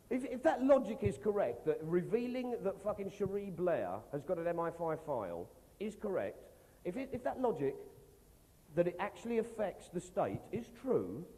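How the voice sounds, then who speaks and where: Male stand-up, fairly high and very lively pitch, mellow tone, sweary and mocking, with stage reverb. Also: breathy edge. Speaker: comedian. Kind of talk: stand-up comedy storytelling. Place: live comedy venue. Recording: reverberant live stage recording.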